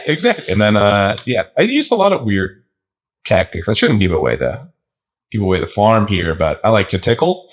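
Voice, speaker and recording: A man co-hosting a podcast in casual chat, animated and laughing often, slipping into joke accents. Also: on the low side, normal speed. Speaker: podcast co-host.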